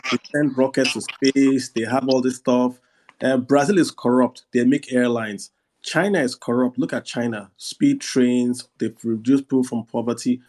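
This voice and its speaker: Husky blunt Nigerian man hosting. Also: mid-range voice, a little mellow. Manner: blunt, argumentative, rhetorical questions. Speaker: host. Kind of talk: casual live audio discussion.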